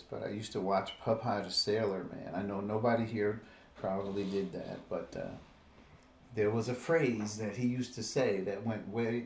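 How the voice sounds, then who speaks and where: A man's voice: on the low side, a little mellow, echoey room. A man teaching a Bible study in a conversational way, often repeating words and checking in with "right?".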